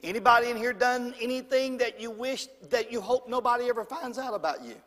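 A man preaching a sermon in church, swinging from loud and high to hushed and low. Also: brisk, long reverb tail. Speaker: pastor.

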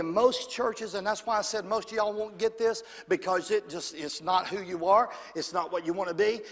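A high-voiced male preacher delivering a sermon, calling for amens in call-and-response and swinging between big and quiet delivery. His voice rolls through a large church with a long reverb tail. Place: church sanctuary.

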